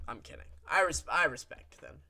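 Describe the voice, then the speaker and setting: A man's voice: on the high side, lively intonation, brisk, pushed and bright, dry recording. Blunt rambling young man, dry close mic. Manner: rambling, blunt, with crude jokes. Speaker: MMA recap host. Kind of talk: casual commentary.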